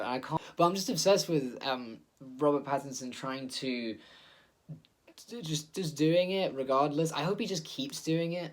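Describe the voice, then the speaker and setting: A man's voice: a little high, moderate pace. A man hosting a casual solo monologue, rambling and digressive, full of fillers and laughs, recorded on a phone. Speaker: host.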